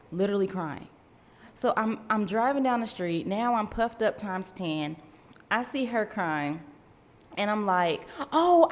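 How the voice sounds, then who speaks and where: A woman's voice: mid-range voice, in a large hall. A woman in her thirties hosting a faith podcast, telling a personal story in a chatty way, talking straight to her listeners and laughing at herself. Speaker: podcast host.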